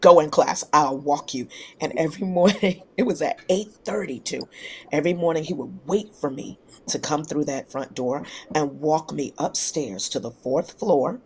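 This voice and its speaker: Low, gravelly-voiced woman telling stories. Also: normal speed, slight background noise. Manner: lively anecdotes, acts out quoted voices. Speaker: singer guest. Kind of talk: casual interview storytelling.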